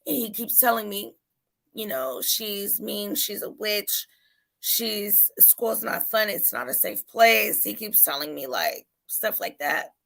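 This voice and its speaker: A mother in casual chat, telling an animated story and acting out her son's voice. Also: medium pitch, takes it slowly, vocal fry.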